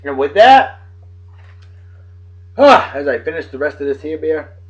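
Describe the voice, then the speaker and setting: A man's voice: a little high, very animated, unhurried. A man with a Massachusetts accent hosting a casual beer video, reading this-day-in-history facts with profane, wisecracking asides. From Martha's Vineyard, Massachusetts. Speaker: host of a daily beer video. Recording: dull lo-fi recording.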